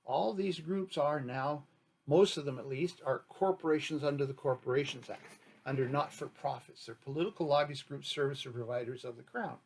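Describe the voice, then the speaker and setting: Man, gravelly voice, husky tone, rambling argumentative talk, rhetorical questions. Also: medium pitch, normal speed, darkish tone. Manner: rambling, argumentative, poses rhetorical questions, acts out imagined dialogues. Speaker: grand chief giving a talk. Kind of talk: unscripted spoken commentary.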